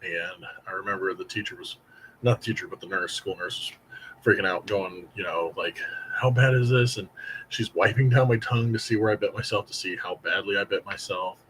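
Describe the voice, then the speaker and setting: With a deep voice and a fairly quick delivery, a late-thirties man from Indiana who hosts candy reviews recounts a long, rambling story from his childhood to camera. He's animated and acts out quoted voices, and the rough recording has a bit of hiss or hum.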